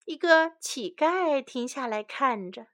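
A woman reading a children's story bilingually, line by line, in a clear and gentle way. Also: high voice, animated, takes it slowly.

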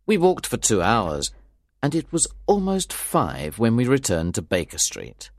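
A man narrating a story for an audiobook in a clear, expressive reading style. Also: on the low side, a little slow.

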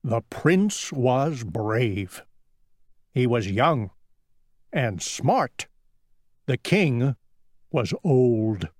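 A storyteller reads a children's picture book at a very slow, careful pace. The pitch moves expressively up and down. The voice sits in the middle of the range and sounds dry and close to the microphone. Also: sing-song, darkish tone, no room sound. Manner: slow, deliberate reading. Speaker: storybook narrator.

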